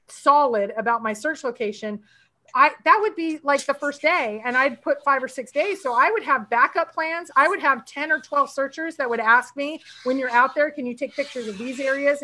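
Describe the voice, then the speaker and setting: A woman's voice: high-pitched, pushed and bright. A woman hosting a casual group chat, asking long questions that loop back on themselves mid-sentence.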